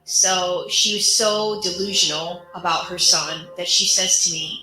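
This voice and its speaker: A woman's voice: lowish voice, steady tone, measured pace, hardly any pauses, bright, forceful tone, echoey room, poor audio. A woman telling her own story of abuse in an earnest, emotional way, acting out what others said. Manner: earnest, emotional retelling with quoted dialogue. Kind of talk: personal storytelling.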